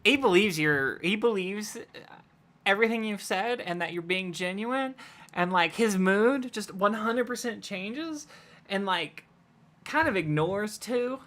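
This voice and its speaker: Bright-voiced woman game master. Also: mid-range voice, lively intonation, unhurried. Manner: casual, with frequent fillers. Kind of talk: narrating a tabletop game.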